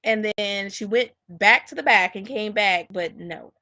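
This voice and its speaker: A woman's voice: mid-range voice, a little slow, bright, forceful tone. A woman giving blunt, mocking reaction commentary.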